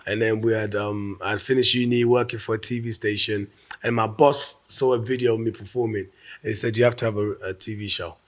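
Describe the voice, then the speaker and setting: A man, a comedian being interviewed, talking in a relaxed, reflective way and restarting words mid-thought. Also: on the low side, brisk. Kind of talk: casual interview.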